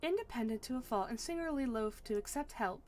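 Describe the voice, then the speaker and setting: An earnest young heroine from a fantasy game, formal and measured, with a lively, bright rise and fall in her voice, as a woman reads her lines aloud. The delivery stays close to a plain speaking voice, with the occasional stumble and restart. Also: a little high, close to an everyday voice. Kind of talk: reading game dialogue aloud.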